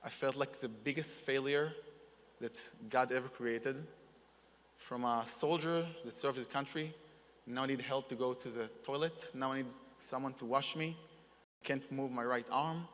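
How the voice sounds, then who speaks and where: A young man giving a halting, earnest personal testimony in as a wounded soldier receiving an award. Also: medium pitch, a bit bright. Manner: halting, earnest, in non-native English. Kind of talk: emotional personal testimony speech. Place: large conference hall. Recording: reverberant conference hall.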